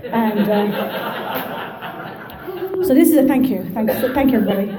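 A woman with an Irish Midlands accent telling her story at a recovery meeting, lively and joking. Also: a little high, moderate pace, reverberant, a loud crowd, rough recording. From Ireland. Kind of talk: personal testimony to an audience.

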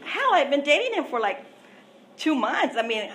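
A woman's voice: high voice, very animated, moderate pace, a bit bright, slight background noise. A woman sharing her own recovery story, candid and self-mocking, chatty with lots of asides. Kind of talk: personal recovery testimony. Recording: echoey room.

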